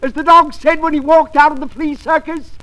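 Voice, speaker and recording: Corny pompous comedian, high affected voice, 1940s radio comedy. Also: male voice, flat delivery, brisk, bright, forceful tone, poor audio. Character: corny man comedian Heathcliff, pompous punster.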